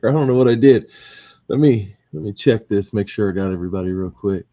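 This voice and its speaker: A man with a lowish, brisk, mellow voice runs a casual live group break, counting aloud, reading off names and teams for a draw, and chuckling at his own slips. The audio is muffled and lo-fi with faint noise.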